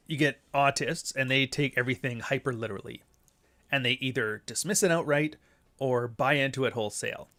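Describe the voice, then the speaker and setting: Canadian guy, nasal, middle-aged, crude and sardonic, pops up high when he gets worked up. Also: fairly bright tone. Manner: blunt, crude and sardonic, with sudden high-pitched outbursts. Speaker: podcast host. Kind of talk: casual monologue.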